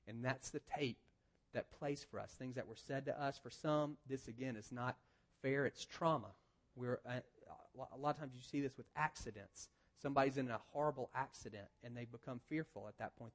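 A male pastor delivering a sermon at a medium pitch. He talks conversationally, often restarting a phrase before pressing the point home. His volume drops for quiet asides and rises for emphasis.

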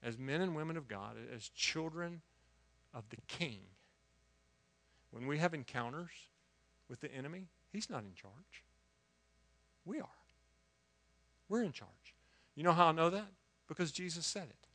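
A man preaching a sermon, telling a story with lively swings from quiet asides to loud exclamations and frequent restarts of words. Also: fairly high pitch, measured pace, pauses often.

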